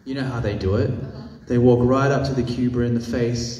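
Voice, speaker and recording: A man teaching a masterclass as an animal rights activist, telling a story with animated, acted-out quotes and frequent swearing. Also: mid-range voice, moderate pace. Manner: animated, acts out quoted voices, swears freely. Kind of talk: storytelling lecture. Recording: echoey hall, mic at a distance.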